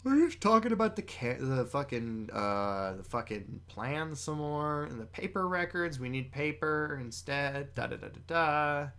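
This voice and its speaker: A podcast co-host chatting casually and profanely while recapping a manga chapter, getting loud and excited as the story heats up. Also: medium pitch, a little slow, hardly any pauses.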